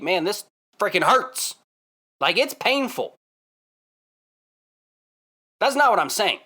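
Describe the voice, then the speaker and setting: A man vlogging casually, telling a story in an excitable, emphatic way and repeating himself for effect. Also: high-pitched, takes it slowly, pauses often.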